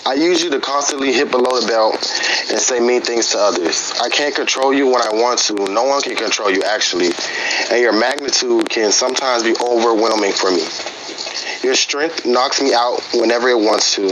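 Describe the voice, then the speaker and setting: A man speaking into his phone on a live stream, halting and hesitant, his words full of fillers and restarts. His voice sits at a middling pitch. A clear hiss of noise runs under the audio. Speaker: participant in a live-stream group session. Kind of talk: casual live-stream talk and reading a personal letter aloud.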